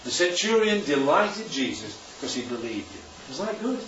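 Very animated and fairly high-pitched, a man with a fairly bright tone talks at normal speed in an informal church talk with slides in a church hall. He often asks the congregation "right?" and "isn't that lovely?". A little hiss or hum runs through the roomy, distant and dull audio.

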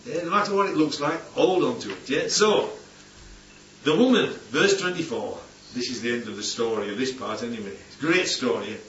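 A man gives a casual Bible-study sermon in a church hall, chatting with the congregation, adding playful asides and often asking "yeah?". His medium-pitched voice is brisk and fairly bright, with slight background noise in a distant, roomy, dull recording.

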